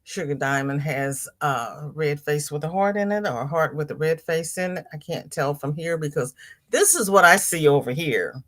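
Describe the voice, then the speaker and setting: A woman's voice: low voice, normal speed, a bit bright. A woman hosting a casual livestream from home, reading viewers' comments aloud and answering them in a chatty way. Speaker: livestream host.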